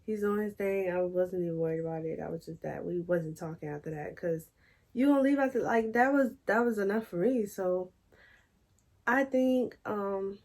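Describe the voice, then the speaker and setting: A young woman telling a personal story in a chatty, animated way and addressing viewers as y'all. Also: medium pitch, moderate pace. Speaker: storytime vlogger. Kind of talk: casual storytelling to camera.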